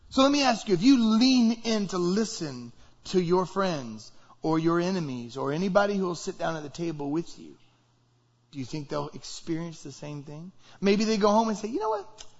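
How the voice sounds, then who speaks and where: A man's voice: sits high, highs cut off. A male pastor preaching a conversational sermon to his church, acting out short example conversations. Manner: conversational, acts out example dialogues.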